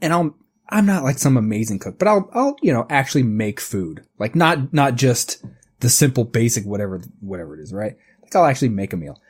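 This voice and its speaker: A man's voice: mid-range voice, sing-song, brisk, breathy edge. A man in his thirties co-hosting a podcast in casual chat, rambling and swearing freely, often laughing. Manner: rambling, profane, laughs easily. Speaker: podcast co-host.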